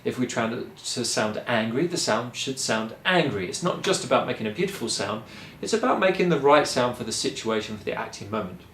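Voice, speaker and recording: A man giving a singing lesson, explaining calmly and encouragingly, step by step. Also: medium pitch, a little fast, roomy sound, noisy background. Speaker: singing teacher. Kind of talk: vocal lesson.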